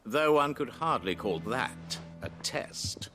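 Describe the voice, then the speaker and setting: A man's voice: medium pitch, lively intonation, slow, pushed and bright, soft background music. A man voicing a smug, scheming male noble in a video game, theatrical and condescending.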